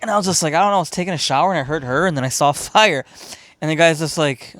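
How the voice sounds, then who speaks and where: In a podcast studio, a male co-host with a slightly high, fairly bright voice talks fast while spinning a wild story in casual conversation. He curses freely, laughs a lot, and imitates the voices of the people involved, with no room sound on the recording.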